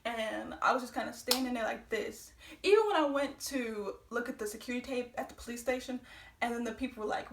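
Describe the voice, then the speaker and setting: A woman in her twenties telling a story on her vlog. She talks in an excitable way, speeds up when worked up, and swears a lot. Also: a little high, brisk, a little hiss or hum. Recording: roomy echo, voice from a distance.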